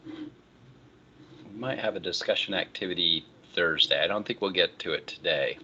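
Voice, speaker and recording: A man lectures his class in a loose, conversational way, stringing topics together with easy transitions. His voice is somewhat low yet bright and forceful. It comes through a computer microphone with dull, lo-fi sound. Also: normal speed, a little hiss or hum. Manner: relaxed, conversational, frequent "all right, so" transitions. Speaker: college instructor. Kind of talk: online lecture.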